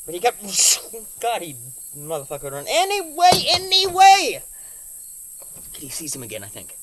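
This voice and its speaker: A woman filming a vlog outdoors by a house deck on a handheld phone, excitable and swearing, talking to a snake and her cats. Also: deep voice, brisk, slight background noise. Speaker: vlogger.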